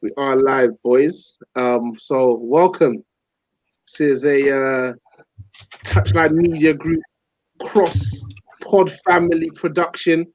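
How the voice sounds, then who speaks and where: A man hosting a live football podcast in a relaxed, jokey way, greeting guests as brother and man. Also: fairly high pitch, takes it slowly, rough recording. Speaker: podcast host.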